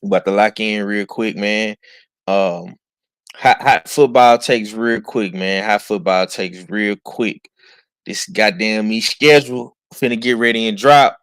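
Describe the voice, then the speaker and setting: Casting: relaxed male host, lowish voice, drawling and repetitive, dry close mic. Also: unhurried, smooth, no room sound. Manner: laid-back, drawling, repeats himself. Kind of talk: casual sports chat.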